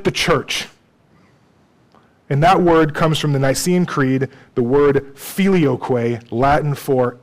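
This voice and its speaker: A man's voice: a little high, takes it slowly, poor audio. A man preaching a sermon in a conversational way, often checking in with his congregation and using dry, self-deprecating humor. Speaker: pastor.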